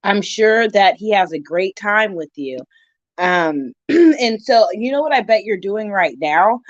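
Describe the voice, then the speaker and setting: A woman's voice: mid-range voice, lively intonation, a little slow, dry recording. A middle-aged woman gives a casual, opinionated reaction vlog, speaking straight to the viewer. The sound is dry and close. The recording is dull and a little lo-fi. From California. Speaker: vlogger reacting to another channel. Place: home at night.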